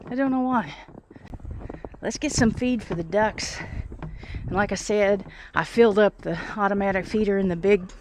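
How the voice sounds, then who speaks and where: A woman's voice: mid-range voice, normal speed, darkish tone, a little hiss or hum. A woman, out of breath, chatting casually as she feeds her animals outdoors on a snowy farm, filmed on a tripod camera. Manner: chatty, talks to animals, thinks aloud. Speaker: homesteader vlogger. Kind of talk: casual narration while doing farm chores.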